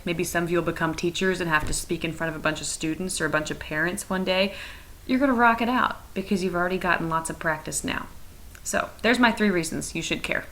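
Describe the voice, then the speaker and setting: A woman's voice: on the low side, a bit bright, poor audio. A young adult woman teacher giving a chatty, playful recorded lesson from her couch at home. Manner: chatty, playful and fast-talking.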